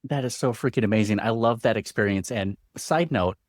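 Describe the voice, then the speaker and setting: A man's voice: fairly low pitch, a little fast, dry recording, clean studio sound. A man hosting a podcast interview, reacting with enthusiasm and praise. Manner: enthusiastic, complimentary. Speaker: podcast host.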